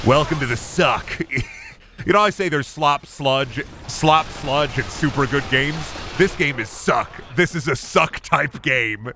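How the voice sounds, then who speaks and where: A man's voice: mid-range voice, measured pace, sharp tone, slight background noise. A man streaming a game, riffing in jokey, profane rambles as casual commentary. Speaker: gaming streamer.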